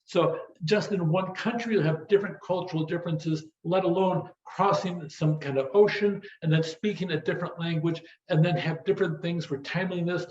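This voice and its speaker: Fast-talking American man lecturing. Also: a little high, a little mellow. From United States. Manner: fast-talking, repetitive "as you go through". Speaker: business instructor. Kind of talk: recorded online lecture. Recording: roomy, dull lo-fi audio.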